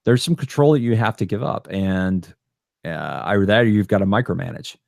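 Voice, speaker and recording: A man with a fairly low voice co-hosts a casual podcast. He talks bluntly and rambles, tripping over his own restarts. His voice sits close and dry on a studio podcast mic. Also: brisk, gravelly, no room sound. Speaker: podcast co-host.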